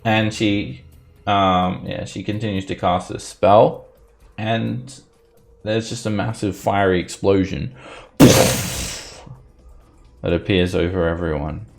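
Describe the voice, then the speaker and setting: Slow, deep-voiced game master. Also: male voice, vocal fry, soft background music. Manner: relaxed descriptive narration with fillers. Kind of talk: narrating a tabletop game.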